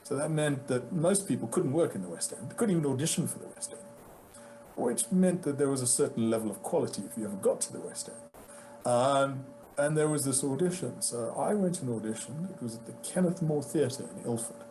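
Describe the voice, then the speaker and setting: A British man, an actor, telling casual anecdotes about his career with animated delivery, acting out the lines of people he quotes. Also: mid-range voice, a little fast, soft background music, low-quality recording. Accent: British English. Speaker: guest actor. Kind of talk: casual storytelling.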